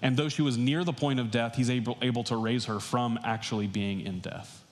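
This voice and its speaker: A young adult man, a pastor, giving a sermon in a relaxed, conversational way with casual asides. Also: medium pitch, fairly quick.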